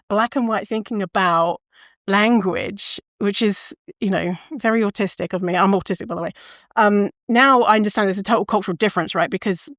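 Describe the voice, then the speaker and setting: A woman hosts a solo podcast in a medium-pitched, slightly bright voice at a moderate pace, with studio-quality sound and no room echo. She chats casually in long, rambling tangents, breaking off mid-sentence and occasionally swearing.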